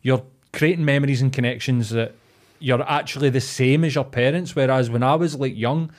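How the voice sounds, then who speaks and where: A Scottish man chatting casually as a podcast co-host, telling animated stories, quoting people and swearing. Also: mid-range voice, a little fast. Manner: animated storyteller, swears, quotes others. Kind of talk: casual chat.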